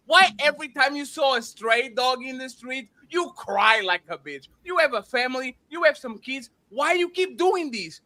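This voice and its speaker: A man's voice: very high voice, animated, moderate pace, hardly any pauses, sharp tone, a little hiss or hum. A man hosting a panel show, arguing heatedly, repeating names and words and talking over others.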